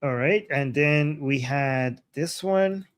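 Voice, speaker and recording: A man with a slightly raised voice runs through clips on a live stream, translating chants and breaking into excited exclamations. His voice comes through a video call with loud noise hissing behind it. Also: fairly high pitch, slow. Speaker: guest commentator.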